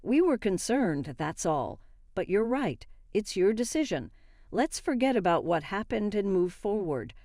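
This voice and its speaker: A woman voicing a disapproving middle-aged mother in a measured, slow way. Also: medium pitch, big pitch swings, warm tone, dry recording, clean studio sound. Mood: contrite.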